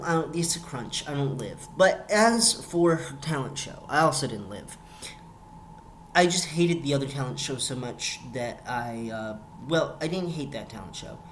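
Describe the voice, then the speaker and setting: A young man talks through a show review in a loose vlog style, circling back on words and repeating lines for emphasis. His voice sits in a middle pitch. A faint hiss runs under the recording. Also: a bit bright.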